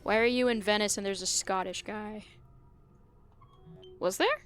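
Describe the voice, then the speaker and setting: A woman's voice: medium pitch, unhurried, a bit bright, faint music behind. A young woman streaming a video game, chatting with her viewers in a rambling, casual way and often losing her train of thought. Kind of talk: casual live-stream chat while gaming.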